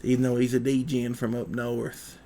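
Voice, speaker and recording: Male streamer, rambling and relaxed, gravelly mid-pitched voice. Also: normal speed, a little hiss or hum. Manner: rambling, relaxed, with fillers and folksy asides. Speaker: livestream host. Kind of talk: casual chat while packing orders.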